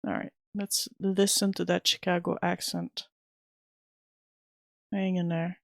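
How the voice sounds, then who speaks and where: Woman, game streamer, chatty, mid pitch, gravelly, dry close mic. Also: level tone, slow pace, no room sound. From Canada. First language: French. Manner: chatty, answers chat questions as she plays. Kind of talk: casual gameplay commentary.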